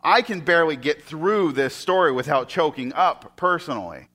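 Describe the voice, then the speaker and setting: A male preacher with a fairly high voice who tells a scripture story in a sermon. He draws listeners in, and his voice often sinks to a soft hush. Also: expressive, normal speed. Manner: storytelling, often drops to soft, hushed tones.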